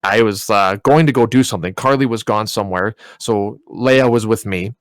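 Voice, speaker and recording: A man's voice: lowish voice, normal speed, no room sound. Rambling man telling a story. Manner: rambling, full of "like" and "you know". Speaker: podcast co-host. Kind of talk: casual storytelling.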